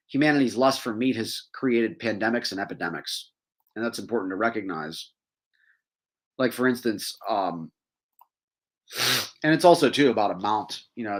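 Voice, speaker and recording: A man with a lowish voice hosts a casual teaching talk. He reads passages aloud and breaks in with wry, conversational asides and small laughs. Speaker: podcast host.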